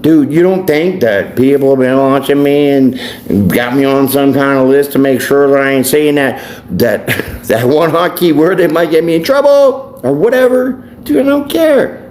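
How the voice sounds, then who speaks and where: A man's voice: fairly high pitch, normal speed, a little mellow. Blunt, profane ranting man. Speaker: tarot reader and life coach. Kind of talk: ranting vlog monologue. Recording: echoey room, faint background noise.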